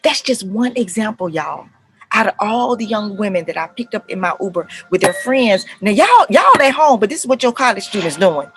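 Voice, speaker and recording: A middle-aged woman, a counselor telling stories to parents in a lively, conversational way and acting out the voices. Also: medium pitch, normal speed, music in the background, rough recording. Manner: animated retelling, acts out voices, addresses viewers as y'all. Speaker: counselor and life coach speaking to parents. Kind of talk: casual talk to camera, storytelling.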